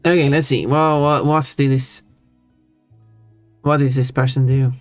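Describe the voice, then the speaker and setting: Man, casual stream chat, rambling, restarts words, close dry sound, soft music behind. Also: mid-range voice, level tone, a little slow, dry recording. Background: soft chill music.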